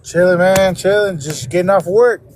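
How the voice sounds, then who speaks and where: A man's voice: high voice, fairly even intonation, moderate pace, a little hiss or hum. A man calling into a live stream after work, laid-back and calling everyone brother. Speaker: caller. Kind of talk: casual call-in chat.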